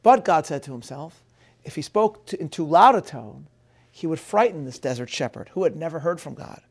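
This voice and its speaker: A man giving a measured, scholarly lecture, reading out quotations and dropping in Hebrew phrases. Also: a little high, animated. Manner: measured, scholarly, reads quotes aloud. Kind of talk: lecture on film and scripture.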